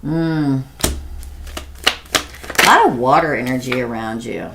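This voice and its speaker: A woman's voice: a bass voice, slow, vocal fry, heavy background noise. A middle-aged woman doing a chatty live-stream tarot reading, laughing often and talking to viewers by name. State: prone to losing her voice. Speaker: tarot reader.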